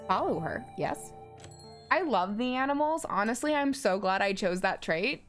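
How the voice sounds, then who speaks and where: A woman's voice: high-pitched, animated, moderate pace. A woman in her forties streaming a story game, chatting, giggling and reading choices aloud with many ums.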